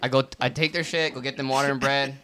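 A man co-hosting a podcast, telling a profane, animated story about his restaurant job with lots of fillers. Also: mid-range voice, fast. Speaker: podcast co-host. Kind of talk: casual storytelling rant.

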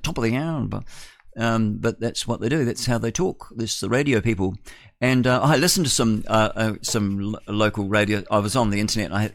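An older man with a New Zealand accent, hosting a talk radio show in a blunt, rambling monologue full of restarts. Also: fairly low pitch. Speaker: radio host.

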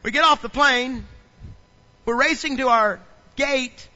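A man pastor preaching a sermon, telling funny stories and building up to loud preaching. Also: very high voice, slow pace, dull audio. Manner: humorous storytelling, acts out little scenes.

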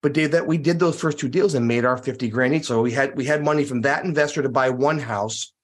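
Speaking at a quick pace in a mid-range voice, a real estate investor appears as a podcast guest. He tells stories in a casual, animated interview style and voices the dialogue in different characters.

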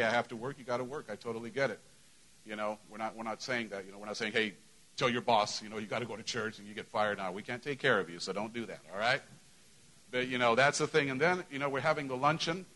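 A man's voice: medium pitch, pushed and bright, poor audio. A middle-aged man, a pastor, giving church announcements to his congregation in a conversational way, full of "you know" fillers. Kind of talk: church announcements and sermon opening. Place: church sanctuary.

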